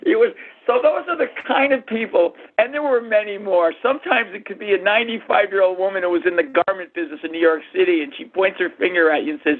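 A man in his sixties, a guest in an interview, telling animated stories about his past and acting out what others said. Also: sits high, quick pace, husky. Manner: animated storyteller, acts out quotes. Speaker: guest, art and antique dealer. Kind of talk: storytelling interview answers. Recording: tinny phone-line audio.

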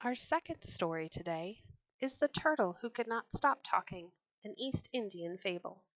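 A woman reading old children's stories aloud for a podcast, gentle and expressive. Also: medium pitch, no room sound, rough recording. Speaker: storyteller. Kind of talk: storybook read-aloud podcast.

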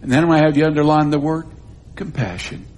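Emphatic pastor preaching. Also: male voice, fairly high pitch, fairly even intonation, fast. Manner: emphatic, wide swings between loud stresses and near-hushed drops. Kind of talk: sermon.

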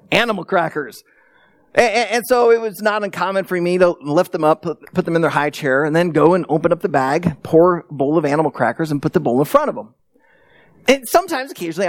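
A middle-aged man delivering a sermon with a lively, swooping delivery, acting out voices as he tells stories. His voice is close and dry, with no room sound around it. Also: fairly high pitch, no room sound. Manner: animated storytelling with acted-out quotes. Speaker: pastor.

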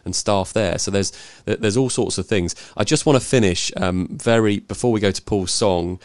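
Rambling low-voiced man. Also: moderate pace, a little mellow, no room sound. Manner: rambling, repeats words, laughs often. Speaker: host. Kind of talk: casual chat.

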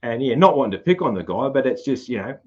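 A man's voice: medium pitch, sing-song, quick pace, a little mellow, breathy edge, highs cut off. A man with a broad Australian country accent, hosting a casual podcast chat, rambling and laughing often. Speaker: podcast host.

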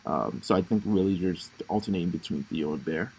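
A man's voice: deep voice, a little fast, darkish tone, husky, poor audio. A young man co-hosting a casual chat, rambling with lots of fillers and slang. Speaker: podcast co-host. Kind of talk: casual chat recapping a reality show.

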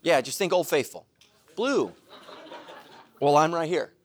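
A middle-aged pastor preaches a sermon, cracking jokes, laughing at himself, and breaking into loud shouted asides. His voice runs on the high side and fairly quick.

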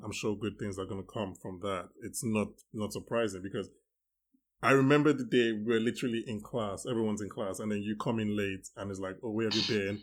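A man hosting a podcast, talking casually and jokingly, acting out remembered conversations. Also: on the low side. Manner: animated, joking, acts out quotes. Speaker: podcast host. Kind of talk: casual chat.

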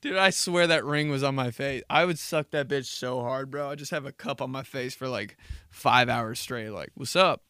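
Young man, podcast host, crisp voice, dry sound, swearing, rambling funny stories. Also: medium pitch, bright, forceful tone, no echo. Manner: profane, rambling, laughs at his own stories. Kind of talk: casual comedic storytelling.

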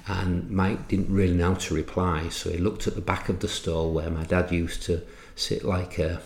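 A middle-aged man from England, an entrepreneur and author, telling anecdotes in a podcast interview, halting with restarts and fillers. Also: low-pitched, little pitch movement, reverberant.

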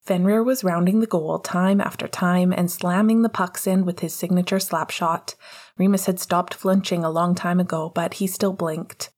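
A woman narrating an audiobook chapter in a steady storytelling manner. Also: fairly low pitch, moderate pace.

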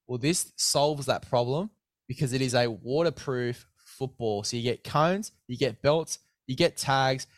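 A man's voice: medium pitch, no echo, studio quality. Matey man hosting sports chat. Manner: chatty, matey, plugs a sponsor with mock hype. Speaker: sports podcast host. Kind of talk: casual sports preview and chat.

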